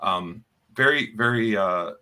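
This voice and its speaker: A man co-hosting a podcast, chatting casually and halting with fillers and restarts. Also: on the low side, bright, forceful tone. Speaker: podcast co-host. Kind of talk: casual chat.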